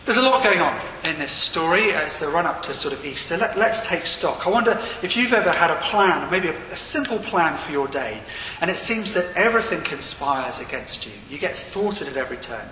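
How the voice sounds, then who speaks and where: A man delivers a sermon with a bright, forceful voice set a touch high. He speaks earnestly, with emphasis that rises and falls. The sound carries a long, echoing hall reverb and faint room noise. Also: lively intonation, fairly quick. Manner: earnest, with rising and falling emphasis. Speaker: preacher.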